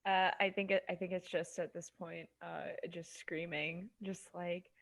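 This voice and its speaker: A woman playing a tabletop baseball game, narrating her character in third person with a giggly, lively delivery. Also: fairly low pitch, a little slow, creaky. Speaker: player.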